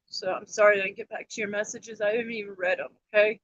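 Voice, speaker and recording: A woman's voice: mid-range voice, level tone, fast talker, dry recording, highs cut off. An emotional woman in her thirties, rambling on a personal livestream about her family, upset and close to tears. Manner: rambling, emotional, repeats herself. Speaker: livestream host.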